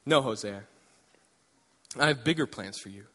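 A preacher voicing a low, patient God. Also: male voice, big-room sound. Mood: gentle. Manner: slow, low, gentle and measured. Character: calm, loving male God, low and patient.

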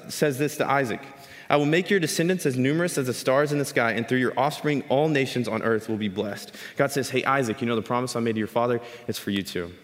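A man giving a sermon, explaining scripture and telling a story in an animated way. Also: medium pitch. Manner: animated storytelling, acts out quoted voices. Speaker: speaker teaching scripture. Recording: long hall reverb.

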